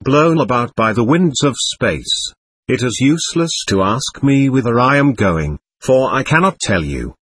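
A man voicing a bitter, defiant dark spirit. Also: medium pitch, very animated, a little slow, breathy edge, dry recording, full character voice. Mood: bleak. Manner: defiant, snarling.

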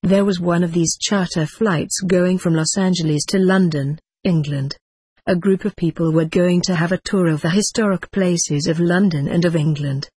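An older man reading his own book aloud in a measured, wry, dry-humoured way. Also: sits high, fairly even intonation, a little mellow, breathy edge, no room sound. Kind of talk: audiobook narration.

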